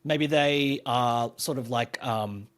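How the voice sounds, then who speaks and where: A man's voice: medium pitch, slow. A man, co-hosting a podcast and talking through a game in a rambling, enthusiastic way. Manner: rambling, filler-heavy, enthusiastic explaining. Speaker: podcast co-host. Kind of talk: casual podcast chat reviewing a game.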